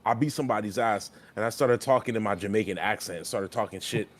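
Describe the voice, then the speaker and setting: A man's voice: fairly low pitch, quick pace. Loose, profane young man chatting. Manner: profane, rambling, gets loud and heated when riled up. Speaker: podcast co-host and streamer. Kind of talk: casual chat.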